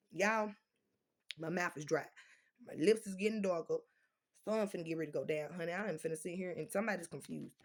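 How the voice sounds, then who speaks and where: Fast-talking emphatic woman. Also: medium pitch. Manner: emphatic, repeats "doggone", fast slurring talk. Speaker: vlogger addressing viewers. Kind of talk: casual direct-to-camera rant. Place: indoors at home, dim lighting.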